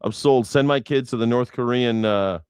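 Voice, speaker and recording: A man's voice: medium pitch, normal speed, darkish tone, clean tone, dry recording, studio quality. A man hosting a news reaction show, sarcastic and profane in a rambling way. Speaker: host.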